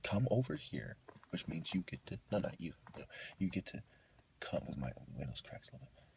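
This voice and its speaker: A man delivering a rambling, combative monologue, swinging between loud outbursts and low muttering, preachy and full of profanity. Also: sing-song, brisk, noisy background. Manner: heavy profanity, slangy. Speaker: vlogger.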